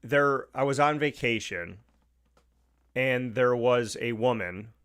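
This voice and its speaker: A man's voice: medium pitch, slow, a bit bright, smooth. A man hosting a talk show with an Upstate New York accent, delivering an opinionated monologue, emphatic and repeating his points. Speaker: radio show host.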